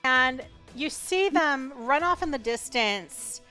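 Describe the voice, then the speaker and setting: A woman narrating as game master of a tabletop game, relaxed and chatty, with lots of fillers and laughs. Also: high-pitched, slow, faint music behind.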